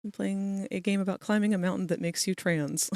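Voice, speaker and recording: Here a young woman running a livestream laughs a lot and cuts across her friends in casual, chatty stream talk. The mid-range voice is a little mellow, captured in clean studio sound without any room sound.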